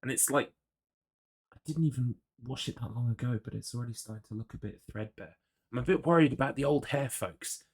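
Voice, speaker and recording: A UK man streams a game, chatting and rambling casually, making fun of himself and reading chat aloud. His mid-range voice is brisk and husky.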